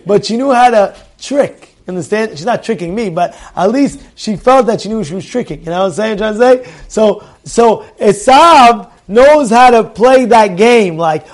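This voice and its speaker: A middle-aged man teaching a Torah class, animated, repeating phrases for emphasis, asking his listeners questions and using Hebrew terms. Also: high-pitched, moderate pace, hardly any pauses.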